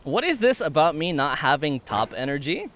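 Giggly, high-pitched young man streaming. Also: big pitch swings, normal speed, a bit bright, slight background noise. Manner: playful and giggly, teasing. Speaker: streamer and host. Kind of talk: casual gaming stream chat.

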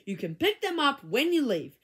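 A prim schoolteacher corrects her class in a polite, scolding tone, voiced by a woman reading aloud. Her voice sits high and moves a lot. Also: very animated, moderate pace. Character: patient female schoolteacher keeping order.

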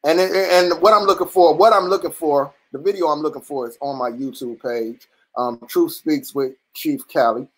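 Brief: combative livestream host, blunt and profane, restarts a lot, average pitch. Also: normal speed, rough recording. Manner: repetitive restarts, rising into near-shouts. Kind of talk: casual livestream commentary. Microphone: computer or phone mic on a live stream.

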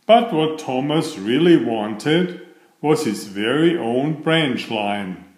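A man narrating a children's picture book read-aloud in an unhurried storytelling manner. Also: medium pitch, expressive, a little mellow. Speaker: storybook reader. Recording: echoey room.

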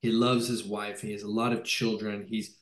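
Enthusiastic director, roomy echo. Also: male voice, lowish voice, little pitch movement, moderate pace, fairly bright tone. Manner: enthusiastic, rambling with many fillers and restarts. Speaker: film director. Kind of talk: casual video-call interview.

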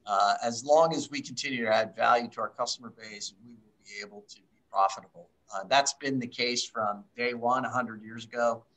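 Bright-voiced male executive. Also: mid-range voice, a little fast, poor audio. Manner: hesitant, many restarts and "you know". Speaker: company chief executive. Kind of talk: panel discussion answers.

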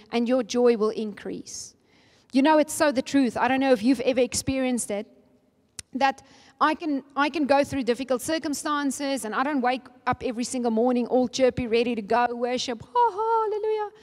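A woman preacher delivers an earnest, emphatic sermon. Her voice sits somewhat high and jumps higher on key points. A long reverb trails each phrase through the church hall. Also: darkish tone. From Namibia. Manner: earnest, emphatic with rising spikes.

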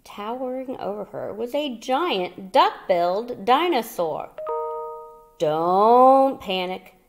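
A woman teacher reading a children's chapter book aloud, telling it in a slow, expressive way. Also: fairly high pitch, vocal fry, faint music behind.

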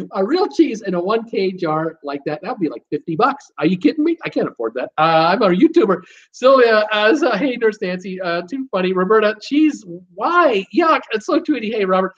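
Hosting a laid-back live show, a middle-aged man from Canada speaks in a high, somewhat bright voice. He keeps up jokey chatter and reads viewers' comments aloud over dull, lo-fi stream audio.

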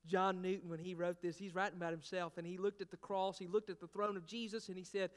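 A man preaching a sermon as pastor. He swings between hushed, intimate talk and loud, fervent preaching, and calls out questions to the congregation. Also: sits high, flat delivery, fast talker, hardly any pauses, clear, resonant tone. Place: church sanctuary. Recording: long reverb of a large hall.

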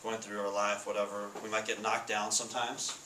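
A man giving a casual sermon to students, asking the room questions and reading scripture slowly. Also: lowish voice, little pitch movement. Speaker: Bible study speaker. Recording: echoey room with faint noise.

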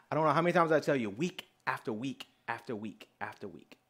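A man preaching as a pastor, telling a personal story in an animated way and acting out the dialogue. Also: medium pitch, a little fast, breathy edge. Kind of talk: storytelling sermon.

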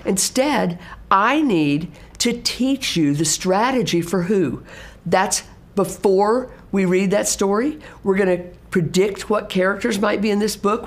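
A middle-aged woman, an assistive technology specialist, explaining teaching practice in a lively way and acting out classroom exchanges. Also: lowish voice. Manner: animated, acts out classroom exchanges in exaggerated teacher voices.

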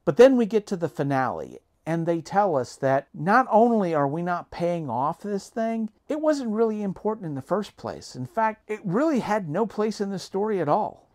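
Emphatic man with a lively voice. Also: high-pitched, moderate pace, hardly any pauses. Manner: earnest, emphatic, reasoning point by point. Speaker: vlogger. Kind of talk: opinionated TV review monologue.

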